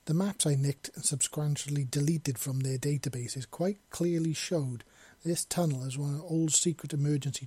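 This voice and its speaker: A man's voice: a little high, warm tone, breathy edge, dry recording. Wisp, a swearing female robot read by a man. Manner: sweary, blunt, sardonic. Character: sharp-tongued female robot, freed prisoner. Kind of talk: fan fiction audiobook reading.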